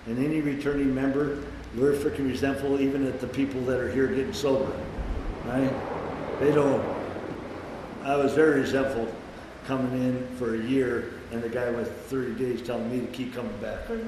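Older man, recovery meeting speaker, blunt and casual, loud acted-out quotes, booming long reverb of a large hall. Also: fairly even intonation, moderate pace, noisy background. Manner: blunt, swears casually, acts out quotes loudly. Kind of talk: personal testimony talk. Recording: echoey hall with faint ambience.

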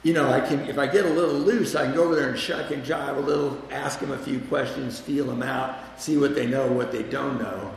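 A man's voice: mid-range voice, steady tone, fairly quick, gravelly, hardly any pauses, a little hiss or hum. A man telling a candid, self-mocking personal story about his past drinking, with wry humor. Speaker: speaker sharing a recovery story. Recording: echoey hall with long reverb.

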